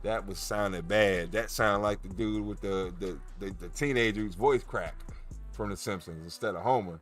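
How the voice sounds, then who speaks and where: A man's voice: fairly low pitch, normal speed, soft background music. A man hosting a casual livestream, chatting in a jokey, rambling way with many restarts. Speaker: cannabis grow livestream host.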